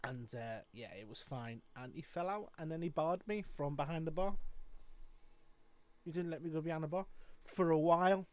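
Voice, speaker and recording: A man's voice: a little high, a little mellow. A man who sings and live streams, telling rambling stories in casual chat with many fillers.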